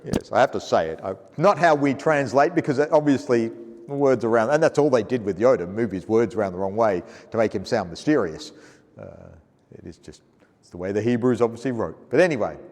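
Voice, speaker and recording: A man's voice: mid-range voice, a little mellow. A man with an Australian accent preaching a sermon in a church, reading scripture aloud and asking the congregation questions in a conversational way. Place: church hall. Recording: long hall reverb in a church.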